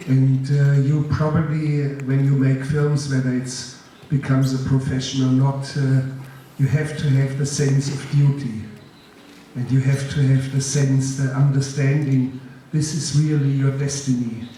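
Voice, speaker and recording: A man with a German accent giving a master class, telling his story in a slow, deliberate, grave way and answering audience questions. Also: mid-range voice, flat delivery, dark tone. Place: large lecture hall. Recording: echoey hall, distant mic, faint noise.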